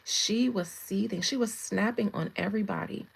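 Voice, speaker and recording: Woman, husky gravelly voice, chatty livestream tarot host. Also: mid-range voice, moderate pace, poor audio. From United States. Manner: chatty, greets viewers, laughs often. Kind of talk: casual livestream chat.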